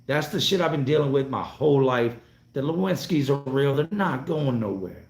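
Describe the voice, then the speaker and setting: A man in his forties from North Carolina talks loosely and bluntly to his live-stream viewers, swearing freely as he rambles through their comments. His voice sits at an ordinary middle pitch. The room gives it a noticeable echo. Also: expressive, moderate pace, gravelly, a little mellow. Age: 40s. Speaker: vlogger hosting a live stream. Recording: roomy echo.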